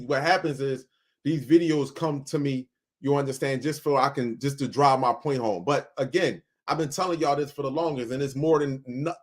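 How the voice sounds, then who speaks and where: A man hosting a reaction video, giving heated commentary in an emphatic, sarcastic and preachy way. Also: medium pitch.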